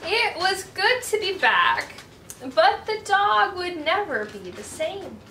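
A young woman hosting a storytime, reading a children's picture book aloud in a sing-song, expressive way. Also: very high-pitched, slow, distant mic. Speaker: storytime host. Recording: echoey room, voice from off-mic, faint hiss.

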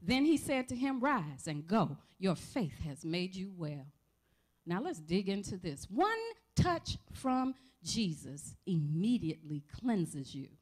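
A woman preaching a sermon in a church, calling out to the congregation for responses with shouts of praise. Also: on the low side, very animated, takes it slowly, husky. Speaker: pastor. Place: church sanctuary.

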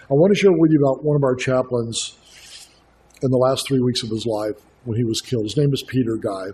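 A man's voice: medium pitch, a little fast, darkish tone, a little hiss or hum. A middle-aged man, a guest speaker, preaching an earnest sermon full of stories and direct questions to the congregation. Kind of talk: sermon with storytelling.

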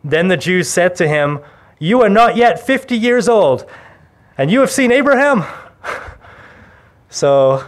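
A male pastor in the middle of a verse-by-verse sermon, with a mid-pitched voice. He delivers it with emphasis, his voice rising on key claims and dropping low and quiet for solemn lines. Light laughs break up his teaching. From Canada.

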